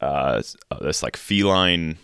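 A very deep-voiced man talks in a relaxed, halting way, full of fillers. His voice sounds dry and close to the mic, from a room at home. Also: smooth, dry recording. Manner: hesitant, filler-heavy, laid-back. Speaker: podcast co-host. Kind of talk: casual podcast chat.

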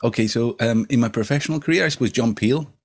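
An older man, a singer-songwriter, reflecting in casual chat, gently rambling with many "you know"s. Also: mid-range voice, fast.

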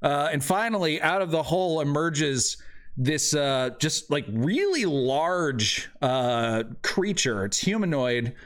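A man's voice: a little high, animated, takes it slowly. A man narrating a tabletop game as game master, loose and rambling, with lots of fillers.

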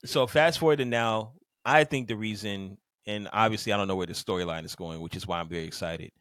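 Laid-back man with a low voice. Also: fairly quick, fairly bright tone, dry recording. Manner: laid-back, drawling, acts out quotes in casual slang. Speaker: podcast co-host. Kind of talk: casual chat.

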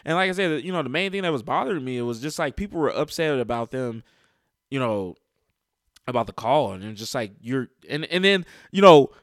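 A man's voice: mid-range voice, lively intonation, a little fast, no room sound, studio quality. A man in a heated, casual rant about a game, profane and emphatic, with frequent fillers. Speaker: sports fan commentator.

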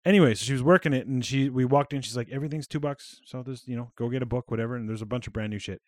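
A man co-hosting a casual podcast, rambling from one thought to the next and swearing freely. He talks quickly, and his voice sits dry and close to the mic. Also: medium pitch, no room sound. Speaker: podcast co-host. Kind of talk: casual chat.

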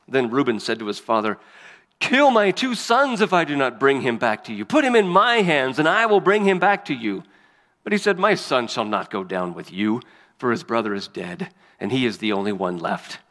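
A man of middle pitch reads scripture and preaches, earnest and emphatic, lifting his voice where the text turns to speech. The sound carries a long reverb, as if filling a large hall. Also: fairly bright tone. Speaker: pastor. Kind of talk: scripture reading and sermon.

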